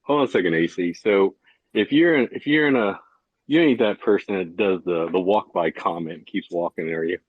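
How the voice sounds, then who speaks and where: A man's voice: sits low, normal speed, no echo, phone-quality sound. A man joining a casual podcast chat, teasing and drawling.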